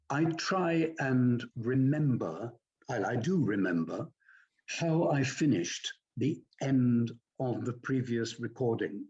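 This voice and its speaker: A man's voice: medium pitch, darkish tone. Older guy explaining audiobook narration, polite and careful, kinda muffled sound. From England. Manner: measured, courteous, articulate. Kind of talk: interview answers, explaining narration technique.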